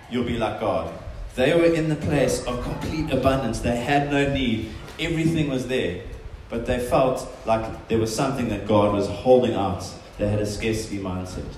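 A man's voice: mid-range voice, a little mellow, slight background noise. A man preaching a sermon, earnest and emphatic, often voicing quotations in a stronger tone. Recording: very echoey room.

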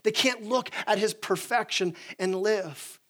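High-voiced, animated man preaching. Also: unhurried. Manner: animated, repeats words when starting sentences, acts out voices. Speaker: pastor. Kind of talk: sermon. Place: church sanctuary.

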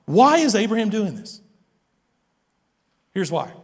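A high-voiced male pastor delivering an animated sermon, full of stammers and restarts. His voice rings out with the long reverb of a big hall. He drives his points home with restless energy. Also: slow pace.

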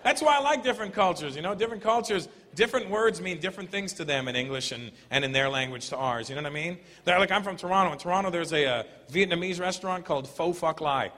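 A man doing a loud, animated stand-up comedy set, breaking into put-on voices between jokes. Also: sits high, fast, few pauses. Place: comedy club stage. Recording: roomy hall, noisy live crowd. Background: audience laughter.

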